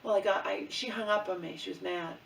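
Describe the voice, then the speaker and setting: A middle-aged woman vlogger speaks fairly quickly in a mid-range voice with fairly even intonation and vocal fry. Her angry personal story is thick with swearing and repeated "okay?" and "you know?". A faraway mic in an echoey room picks up some background noise.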